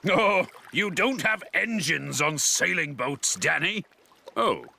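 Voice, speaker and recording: A man's voice: on the high side, very animated, slow, vocal fry, sharp tone, slight background noise, full character voice. An actor playing a cheerful, adventurous male dog sea captain in a cartoon. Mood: hearty.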